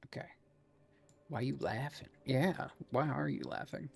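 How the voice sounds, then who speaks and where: A man with a medium-pitched voice and some vocal fry streams a video game, talking at a normal speed. He gives casual commentary as he plays, laughing often and swearing now and then.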